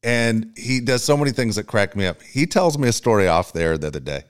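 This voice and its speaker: A man co-hosting a casual radio podcast, telling stories in a profane, animated way. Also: fairly low pitch, brisk, clean tone. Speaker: co-host.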